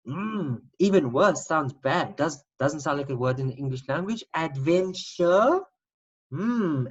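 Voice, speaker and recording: A patient teacher walks through a spelling lesson, sounding each word out and repeating it slowly. The voice sits at an ordinary middle pitch. The audio is a little dull and lo-fi. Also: slightly rough.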